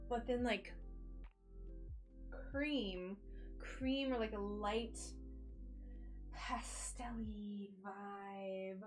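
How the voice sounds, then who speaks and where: A woman chatting casually on a livestream while crafting, thinking aloud and giggling often. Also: on the high side. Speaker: stained glass crafter streaming live.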